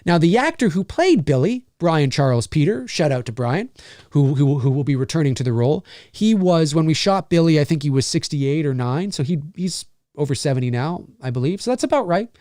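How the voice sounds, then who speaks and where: A man hosting a live question-and-answer stream as a voice actor, talking in a rambling, animated way and swearing freely. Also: fairly high pitch, a little fast, no room sound, clean studio sound. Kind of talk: casual live-stream chat.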